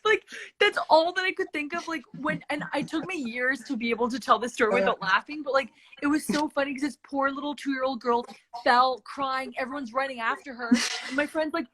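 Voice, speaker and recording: A young woman from Canada chats casually on a podcast, telling a story and breaking into giggles often. Her voice is bright and clear, set against a faint hiss. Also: high voice, a little fast. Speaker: podcast co-host. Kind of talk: casual chat.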